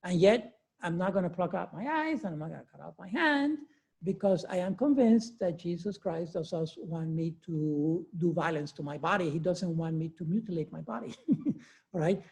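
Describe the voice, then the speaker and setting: A man of about sixty teaches a class in a chilly room, his voice dark and mellow. He talks loosely, with many fillers and restarts. He often chuckles at his own points. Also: high voice, animated, normal speed, creaky. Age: 60s. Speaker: lecturer. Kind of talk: university lecture. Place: cold classroom. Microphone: lecture recording with remote attendees.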